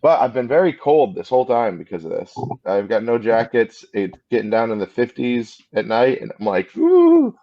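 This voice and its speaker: A man's voice: lowish voice, moderate pace, hardly any pauses. Hungover American man, rambling and laid-back. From United States. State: hungover, just woke up. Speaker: comedian podcast co-host. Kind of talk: casual chat. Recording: slightly dull lo-fi sound.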